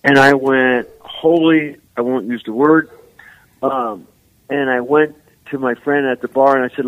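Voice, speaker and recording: A man's voice: medium pitch, measured pace, dry recording, low-quality recording. Rambling older man telling stories. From San Francisco. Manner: rambling, animated, many "man" and "you know". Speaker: guest musician. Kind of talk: casual storytelling interview.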